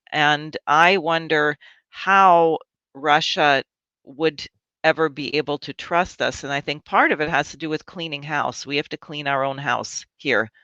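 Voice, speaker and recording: A woman co-hosting a casual live stream chat, animated and sarcastic, often laughing as she talks. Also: sits low, no room sound, lo-fi sound. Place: home in New York.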